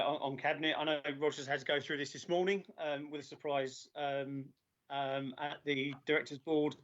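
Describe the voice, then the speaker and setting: A man chairing a formal council meeting over a video call, halting with many filler sounds and losing his voice. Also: on the high side, fairly bright tone. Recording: dull lo-fi video call audio.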